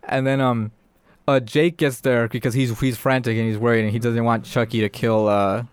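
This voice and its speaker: A young man recounts a show in loose, rambling chat. His voice is smooth and clear, recorded dry and close. Fillers pile up as he goes. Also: medium pitch, level tone, normal speed, dry recording. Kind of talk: casual chat, retelling a show.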